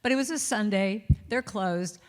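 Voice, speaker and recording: A woman giving a storytelling talk to a congregation, lively and self-mocking, acting out her inner critic's voice. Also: medium pitch, moderate pace. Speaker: guest speaker. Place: large reverberant church hall. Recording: long hall reverb.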